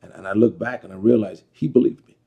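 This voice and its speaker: Gravelly low-voiced man telling his story. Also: narrow, tinny audio. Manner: earnest, reflective, halting with fillers. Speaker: interview guest telling his life story. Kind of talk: personal testimony interview.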